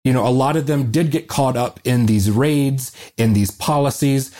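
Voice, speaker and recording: A man's voice: mid-range voice, normal speed, mellow. A man answering interview questions about history in an earnest, conversational way, with frequent fillers and restarts. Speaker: guest historian.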